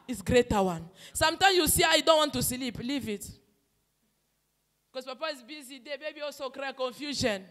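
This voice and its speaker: A woman, a prophetess delivering personal prophecy in an impassioned, emphatic way that swings between loud declarations and soft asides. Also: high voice, animated, normal speed, pauses often. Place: church hall. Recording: long reverb in a hall.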